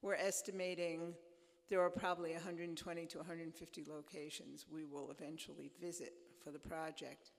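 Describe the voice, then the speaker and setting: Casting: a radio project presenter speaking live, mid-pitched, in a church with a long reverb. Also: little pitch movement, normal speed, gravelly. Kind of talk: live talk to an audience.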